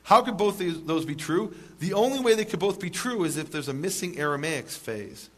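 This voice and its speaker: A man's voice: fairly high pitch, lively intonation, fairly quick, a bit bright. A man giving a lecture to a live audience, emphatic, asking rhetorical questions and making wry jokes.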